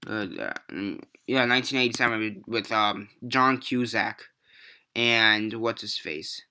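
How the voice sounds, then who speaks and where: Young male movie reviewer, very bright edgy voice, rambling and profane, casual rant. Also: fairly low pitch, unhurried, clear, resonant tone.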